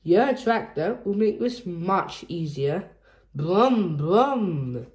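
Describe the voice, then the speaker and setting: A woman's voice: on the low side, animated, extremely slow, a little mellow. A woman doing a cheerful old granny pig. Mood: encouraging. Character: cheerful helpful grandmother pig. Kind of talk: storybook read-aloud.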